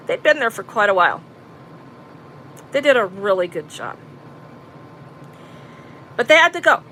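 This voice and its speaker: A woman's voice: a little high, bright, forceful tone, a little hiss or hum, rough recording. Blunt, profane woman telling her story. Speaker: vlogger recounting an arrest. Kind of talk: casual storytelling to live chat.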